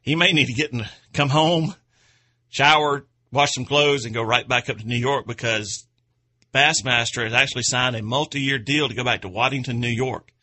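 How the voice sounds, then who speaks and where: A man's voice: medium pitch, steady tone, moderate pace, bright, forceful tone. A man hosting an outdoors radio show, chatting in a rambling, folksy way and chuckling at his own stories. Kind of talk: casual radio chat.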